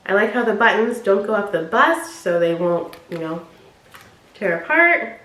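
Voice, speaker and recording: A woman chatting casually as she unboxes and reviews clothes, often dropping low and quiet on her asides. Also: very animated, measured pace. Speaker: vlogger. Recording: echoey room with faint noise.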